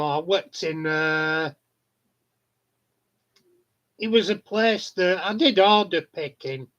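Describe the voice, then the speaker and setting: Slow-talking man, laughing. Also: a little high. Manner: chatty storyteller, swears freely, laughs often. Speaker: live stream host. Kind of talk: casual chat. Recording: dull lo-fi sound.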